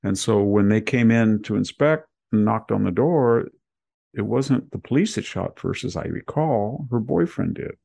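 A man's voice: on the low side, animated, normal speed, gravelly, warm tone, no echo. A man hosting a casual news roundup, talking in rambling personal anecdotes. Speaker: podcast host.

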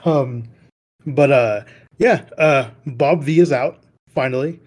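A man's voice: mid-range voice, takes it slowly. A man hosting a casual podcast chat, laughing often and rambling with lots of fillers. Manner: laughs often, heavy with "like" and "you know" fillers. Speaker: podcast host.

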